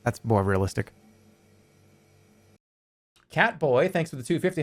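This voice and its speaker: A man's voice: on the high side, big pitch swings, unhurried, long pauses. A man in his forties chatting casually on a live stream, joking and often laughing. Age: 40s. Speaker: livestreamer.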